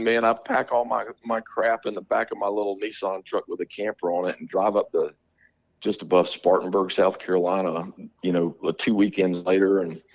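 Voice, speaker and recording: A man from Alabama, a drummer telling stories in a casual interview, animated, slangy and quick to laugh. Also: on the low side, creaky, dull audio. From Montgomery, Alabama. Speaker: guest musician, drummer.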